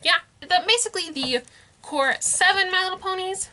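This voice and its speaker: A woman's voice: very high-pitched, moderate pace, bright, forceful tone. A young woman in a casual haul vlog, bubbly and giggly, gushing over toys she found. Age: young adult. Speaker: vlogger.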